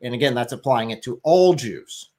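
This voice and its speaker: A man's voice: medium pitch, expressive, normal speed, mellow. A man making his case in a livestream discussion, emphatic and sarcastic at times.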